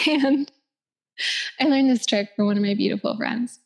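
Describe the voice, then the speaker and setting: A woman with a somewhat high voice talks in a relaxed, reflective self-help style. She speaks as a yoga teacher. Her talk is loose and conversational, full of "like"s and easy laughs, and now and then she sinks into a soft whisper. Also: unhurried, gravelly. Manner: chatty, many "like"s, laughs easily, drops to a whisper at times. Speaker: yoga instructor.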